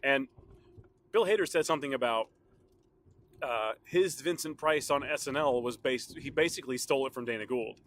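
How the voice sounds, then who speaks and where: A man's voice: medium pitch, normal speed, a bit bright. A man hosting his own podcast, chatting alone in a rambling, casual way with frequent laughs, his throat a little sore. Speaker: podcast host. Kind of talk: casual solo podcast chat.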